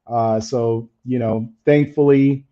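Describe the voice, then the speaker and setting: Speaking slowly and steadily at medium pitch, the host of a camera-gear channel keeps up loose, chatty talk on a live stream. His voice sounds slightly faded, and the audio is lo-fi.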